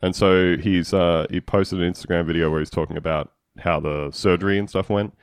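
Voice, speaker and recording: A man co-hosting a casual comedy podcast, telling stories in a wry, deadpan way. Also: sits low, a little fast, clean tone, no echo, studio quality. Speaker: podcast co-host.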